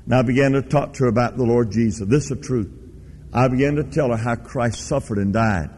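A man's voice: medium pitch, brisk, darkish tone. A man preaching a sermon, telling a story in a folksy, emphatic way. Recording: long reverb of a large hall.

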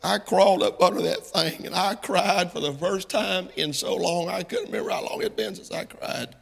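A middle-aged man preaching a sermon in a folksy style that climbs into impassioned, shouted passages. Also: high-pitched, normal speed, vocal fry, breathy edge, in a large hall.

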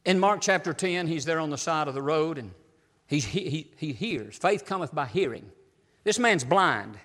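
Preacher man hollering then going quiet, kinda high voice, big echoey church hall. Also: animated, moderate pace. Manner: shouting preacher, swinging from loud cries to near-whispers. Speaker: pastor. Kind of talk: fiery sermon. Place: church sanctuary. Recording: long hall reverb.

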